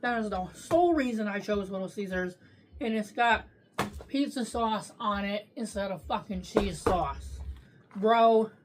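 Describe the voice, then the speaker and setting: A woman's voice: medium pitch, lively intonation, moderate pace, background noise. A woman reviewing takeout food on camera in a casual, profane way, talking while she eats and ranting freely. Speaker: food vlogger.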